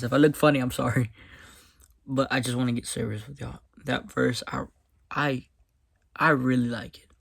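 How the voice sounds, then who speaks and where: A man's voice: mid-range voice, gravelly, husky. A man doing a casual devotional Bible reading, often breaking off to comment emphatically in a folksy way.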